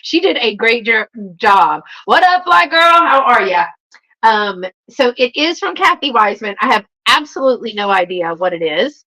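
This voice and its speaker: A woman's voice: a little high, sing-song, moderate pace, sharp tone. A woman with a Southern US accent chatting casually on a live stream from home, greeting viewers by name with many fillers. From Southern United States. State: a little flushed from a walk. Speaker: YouTube live stream host.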